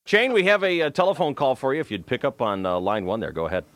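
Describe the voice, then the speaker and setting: A man's voice: medium pitch, wildly swooping pitch, fast, fairly bright tone. Radio host guy, jokey and teasing, voice swings way up and down all the time. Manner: wisecracking, teasing. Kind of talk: joking radio banter.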